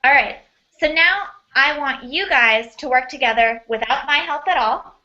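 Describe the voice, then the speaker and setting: A woman's voice: sits high, normal speed, pushed and bright, highs cut off. A woman teaching an online class, upbeat and encouraging, heard over a video call.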